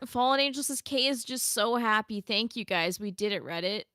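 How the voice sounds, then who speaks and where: A woman's voice: fairly high pitch, expressive, sharp tone, dry recording, clean studio sound. A young woman co-hosting a podcast, casually reading live chat comments aloud and laughing often. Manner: playful, laughs often, reads comments in quick bursts. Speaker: podcast co-host.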